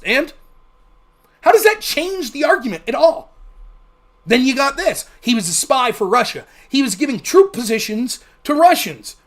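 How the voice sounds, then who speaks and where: A man's voice: very high-pitched, sing-song, brisk. A man hosting a livestream, giving heated, sarcastic, profane political commentary. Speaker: livestream host.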